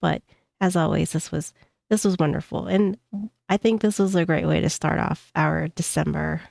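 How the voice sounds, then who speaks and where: Low, gravelly woman with a stuffed-up cold. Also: steady tone, normal speed, a little mellow, no room sound, studio quality. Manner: rambling, hesitant, many fillers. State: congested from a cold. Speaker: reaction streamer. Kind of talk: casual reaction commentary.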